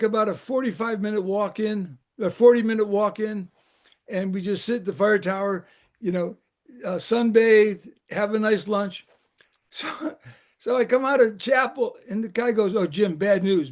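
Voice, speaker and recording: A man's voice: high-pitched, moderate pace. An older man, a former camp recreation director, telling rambling, laughing anecdotes in a casual chat.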